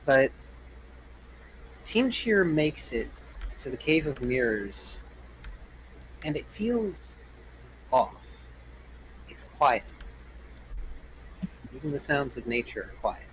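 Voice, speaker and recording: A man's voice: mid-range voice, big pitch swings, takes it slowly, long pauses, a bit bright, a little hiss or hum, rough recording. A man running a tabletop role-playing game, narrating the story dramatically and joking with his players. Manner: storytelling, playful asides. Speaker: game master.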